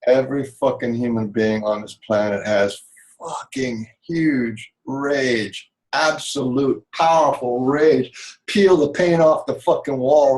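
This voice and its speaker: A man's voice: mid-range voice, a little mellow, low-quality recording. A man giving a rambling spiritual monologue, full of repeated words and restarts, swearing and turning dramatic. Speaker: spiritual talk show guest.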